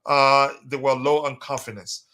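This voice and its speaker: A man's voice: medium pitch, level tone, moderate pace, bright, forceful tone. A man hosting a fan live stream, chatting casually and reading out viewer comments with many hesitations. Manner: hesitant, many fillers, reads comments aloud. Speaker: host of a fan livestream.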